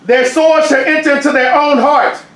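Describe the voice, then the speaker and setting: A man's voice: very high-pitched, fairly even intonation, moderate pace, a bit bright. A man reading Bible verses aloud during a church study. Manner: reads verses aloud, answers with short affirmations. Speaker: scripture reader. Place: church sanctuary. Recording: echoey church room.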